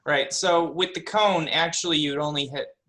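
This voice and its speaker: A man's voice: a little high, fairly even intonation, moderate pace, bright, forceful tone. A man running a tabletop game as game master, patiently explaining the rules to the players.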